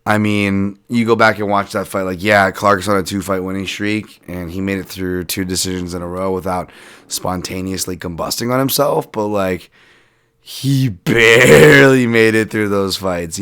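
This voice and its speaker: A man hosting a solo podcast, breaking down fights in a casual, animated way, swearing and laughing as he rambles through asides. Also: lowish voice, smooth. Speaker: podcast host and fight analyst.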